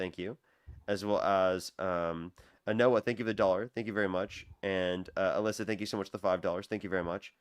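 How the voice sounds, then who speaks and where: A young man hosts a live debate stream at a rapid clip. His voice sits a little low and sounds dry and close. He rattles off repetitive thank-yous to donors. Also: dry recording. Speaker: livestream debate host. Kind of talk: casual livestream talk.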